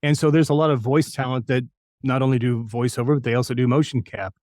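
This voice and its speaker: An older man from New Mexico tells his career stories in an anecdotal, self-deprecating way. His voice sits at an ordinary middle pitch. It is recorded close and dry, with no room sound. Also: steady tone, fast talker, a little mellow, no room sound. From New Mexico, United States. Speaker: voice actor guest. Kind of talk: storytelling interview.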